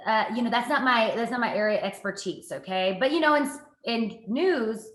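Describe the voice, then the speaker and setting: A woman, a TV reporter, telling stories from her work in a casual interview, lively and self-mocking. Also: a little high, brisk, echoey room. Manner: lively, animated storytelling with self-mocking asides. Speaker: guest, TV reporter and anchor.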